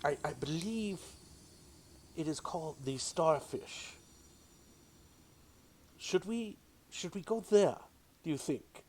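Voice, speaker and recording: A man's voice: a little high, expressive, slow, pauses often, darkish tone, slight background noise. A man voicing a friendly, chatty female ship crew member who fusses and hesitates. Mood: helpful.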